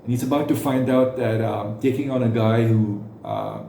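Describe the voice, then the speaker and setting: A man giving reaction commentary, speaking haltingly with frequent fillers and restarts. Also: mid-range voice, wildly swooping pitch, creaky, mellow, roomy sound, slight background noise.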